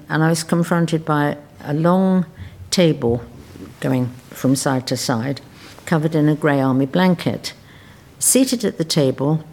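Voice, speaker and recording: Elderly English woman, low husky voice, wry storyteller in an interview. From England. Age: older. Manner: lively, wry, precise storyteller. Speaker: interviewee recalling wartime childhood. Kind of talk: conversational storytelling.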